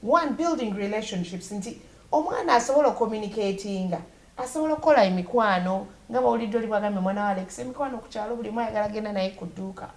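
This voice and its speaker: Woman, Ugandan accent, talk show host, mid pitch, casual English-Luganda explaining. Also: racing, reverberant.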